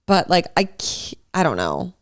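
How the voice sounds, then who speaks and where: A woman's voice: lowish voice, huge pitch swings, unhurried, no echo, studio quality. A young woman co-hosting a podcast, telling stories in a chatty, laughing way. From Los Angeles. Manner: chatty storyteller, lots of "like" and laughter. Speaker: podcast co-host. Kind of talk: casual chat.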